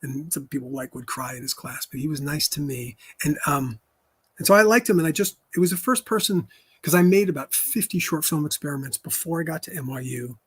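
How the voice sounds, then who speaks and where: A man's voice: fairly high pitch, expressive, fairly quick, husky, no room sound. A man in his fifties hosting a live stream, talking candidly and telling stories in which he quotes other people. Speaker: host.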